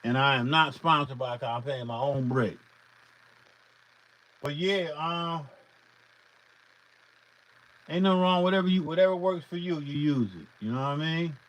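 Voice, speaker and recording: A man with a slightly raised voice rants to his livestream chat between beats. He swears freely, repeats words as he winds himself up, and swings from loud outbursts to muttering. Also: on the high side, moderate pace, long pauses, rough recording. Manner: profane, heated, repetitive, swinging loud and quiet. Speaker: beat producer streaming live. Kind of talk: casual livestream rant to chat.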